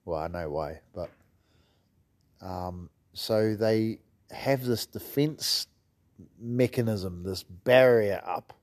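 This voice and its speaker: A man's voice: lowish voice, slow. A man with a New Zealand accent, a martial arts gym coach telling stories in a casual, rambling way and swearing freely. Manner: swears freely, loose rambling delivery with fillers. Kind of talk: casual storytelling chat.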